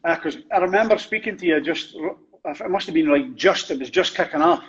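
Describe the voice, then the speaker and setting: A man's voice: a little high, expressive, brisk, a bit bright, highs cut off. A man hosting a podcast interview in casual chat, mostly chiming in with short agreeing words like "aye". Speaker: podcast host.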